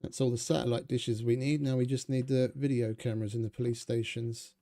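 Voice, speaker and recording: A man rambles through his gameplay in a relaxed, mellow voice, chatting casually and swearing freely. His pitch sits in an ordinary middle range as he muses aloud. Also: brisk. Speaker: gaming streamer.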